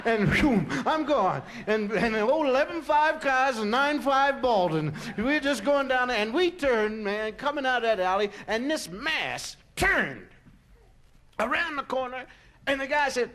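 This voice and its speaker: A man from Philadelphia telling a long comic story on stage, in a chatty, animated way full of "you know" and "man". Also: very high voice, a little slow, a little hiss or hum. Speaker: comedian. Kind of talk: stand-up storytelling.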